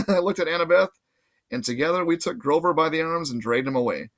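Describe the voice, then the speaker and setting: A man reading a novel aloud in casual, lively first-person narration. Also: fairly high pitch, a little fast. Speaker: audiobook reader.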